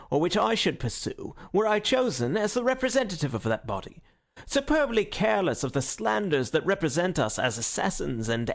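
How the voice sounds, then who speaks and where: A man's voice: high voice, gravelly, voice pushed up, heavily acted. A man doing an earnest anarchist poet. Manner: earnest, persuasive speechmaking. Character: earnest male anarchist poet giving a speech. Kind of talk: audiobook character reading.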